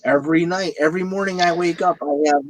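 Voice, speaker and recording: Rambling man on a video call, higher voice. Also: fairly even intonation, quick pace, slight background noise, rough recording. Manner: rambling, repeats words. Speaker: host. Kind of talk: casual chat.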